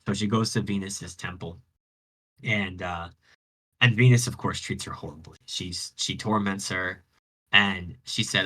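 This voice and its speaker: A man's voice: low voice, fairly even intonation, unhurried, bright, forceful tone, poor audio. A man hosting a radio show, retelling a myth in a rambling, slangy way with many restarts over online voice chat. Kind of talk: casual storytelling retelling of a myth.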